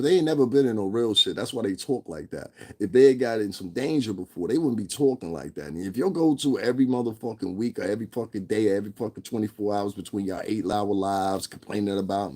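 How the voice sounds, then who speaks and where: A man's voice: mid-range voice, vocal fry. A man ranting in a profane, blunt commentary vlog, stressing his points and laughing between them. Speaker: vlogger.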